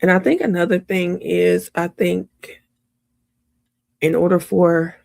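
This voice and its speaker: A woman's voice: fairly low pitch, fairly even intonation, slow pace, creaky, a little mellow, no echo. A woman hosting live trial commentary in a casual, emphatic way, repeating her points and talking back at what she watches. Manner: emphatic, repetitive, talks back to the screen.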